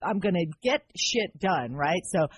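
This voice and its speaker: A woman's voice: fairly low pitch, a little slow, slight background noise. A woman in her thirties co-hosting a casual podcast chat, telling stories and acting out what people said. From United States. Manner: animated storytelling with acted-out quotes. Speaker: podcast co-host.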